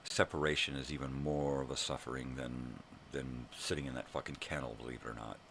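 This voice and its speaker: An older man hosting his own daily vlog, ranting angrily and swearing, with bursts of shouting. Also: rumbling low, steady tone, a little fast, creaky, slight background noise. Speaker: vlog host. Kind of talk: angry profane rant.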